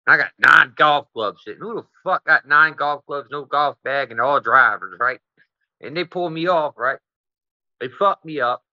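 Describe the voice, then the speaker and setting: A man's voice: fairly high pitch, moderate pace, no echo, dull audio. A man as an interview guest, telling a profane, rambling story and tagging his sentences with "right?".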